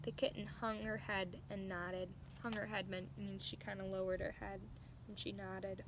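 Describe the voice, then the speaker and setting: A woman reading a storybook aloud to children, pausing to explain words. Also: medium pitch, little pitch movement, slight background noise. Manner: slow, explaining words to young listeners. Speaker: storybook reader.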